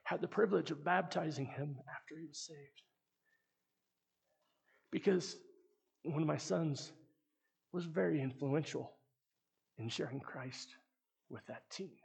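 Gravelly earnest man preaching. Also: fairly high pitch, a little slow, long pauses. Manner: storytelling, earnest, often trails off softly. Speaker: pastor. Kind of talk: sermon.

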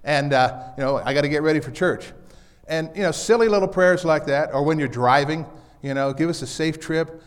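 A man's voice: fairly high pitch, a little fast, smooth, long reverb tail. A man preaching a casual sermon in a church, in a folksy way, often repeating his key lines. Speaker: pastor. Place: church sanctuary.

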